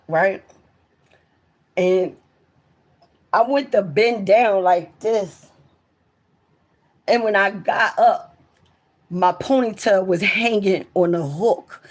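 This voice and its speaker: Profane woman telling stories live. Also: medium pitch. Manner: profane, talks straight to viewers; gets loud and excited at the story's peak. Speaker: livestreamer. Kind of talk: casual storytelling to a live audience.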